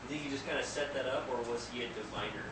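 A man in a study group works through a question hesitantly and asks it out loud. He is far from the mic in an echoey room, and loud background noise nearly covers his voice. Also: mid-range voice, fast talker. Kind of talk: casual group discussion.

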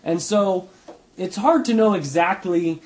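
A man with a notably high voice teaches an informal Bible study. He talks conversationally, thinking out loud and softening his points with hedges. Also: a little slow. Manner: conversational, thinking aloud, hedging with "kind of".

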